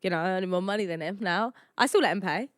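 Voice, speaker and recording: A woman's voice: medium pitch, quick pace, dry recording. A woman co-hosting a podcast, chatting casually and teasing, close to a studio mic. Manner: chatty, teasing, lively retelling with acted quotes. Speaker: podcast co-host. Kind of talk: casual chat.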